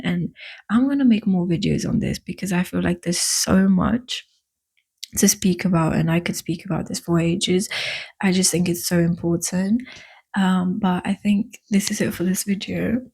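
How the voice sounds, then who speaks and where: A woman whose first language is not English, talking to camera in a casual self-help vlog, earnest and affectionate, with halting restarts and drawn-out emphatic words. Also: fairly low pitch, gravelly, darkish tone, breathy edge. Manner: earnest, affectionate, addresses viewers as "my love" and "baby". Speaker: vlogger.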